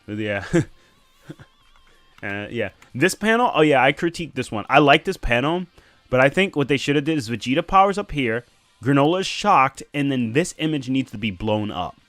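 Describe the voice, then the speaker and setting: A man's voice: mid-range voice, sing-song, normal speed, a bit bright, dry recording, faint music behind. A man casually chatting on a live stream while reading and analysing comics, laughing often.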